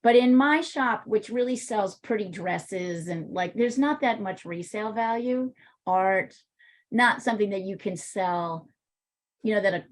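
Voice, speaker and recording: A woman's voice: medium pitch, measured pace, low-quality recording. A woman teaching an art class, chatting casually and telling rambling stories.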